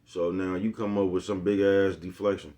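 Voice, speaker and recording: Man with a lowish voice, rambling street-slang vlog rant, keeps checking in with the listener. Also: level tone, normal speed, mellow. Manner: rambling, profane, keeps asking "you know what I'm talking about"; streetwise slang, repeats himself. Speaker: vlogger. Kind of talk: unscripted rant to camera.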